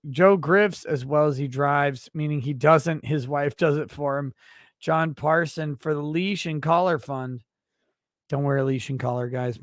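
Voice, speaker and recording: A man's voice: a little high, dry recording, clean studio sound. Brash, profane man hosting a livestream. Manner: brash, profane, mock-indignant ranting. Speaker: livestream host reading super chats. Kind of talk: crude comedic livestream banter.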